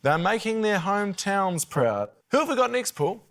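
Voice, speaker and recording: Deadpan New Zealand game show host. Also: male voice, high voice, moderate pace. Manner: deadpan, dry and mock-grand. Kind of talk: scripted comic links to the break. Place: TV studio with live audience. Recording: loud studio audience and room noise.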